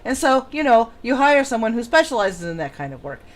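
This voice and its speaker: A woman's voice: fairly high pitch, very animated, fairly quick. Sarcastic woman hosting a chat stream. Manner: laughs often, dry sarcastic asides. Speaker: podcast host. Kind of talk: casual chat, reading testimony aloud.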